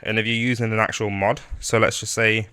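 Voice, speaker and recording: In a relaxed screen-recorded software tutorial, a man explains a mod he's working on, rambling slightly, restarting sentences, and using lots of fillers. His lowish voice moves fairly quickly, with a clean tone on a dry recording.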